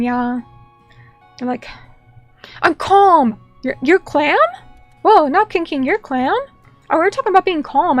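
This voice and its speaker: A woman's voice: high voice, no room sound. A woman streamer chatting casually at home and reading viewer comments aloud, playful and teasing, sometimes mock-indignant. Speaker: VTuber streamer.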